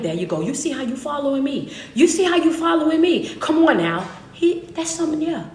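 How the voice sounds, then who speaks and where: A woman's voice: high-pitched, very animated, brisk, few pauses, a little mellow, echoey room, slight background noise. A woman preaching a sermon as a motivational speaker, in impassioned call-and-response style with repeated phrases.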